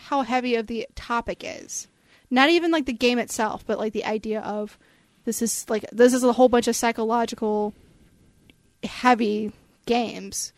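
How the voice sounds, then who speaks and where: Woman co-host chatting, higher voice. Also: dry recording. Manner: quick backchannels, laughs along. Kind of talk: casual chat.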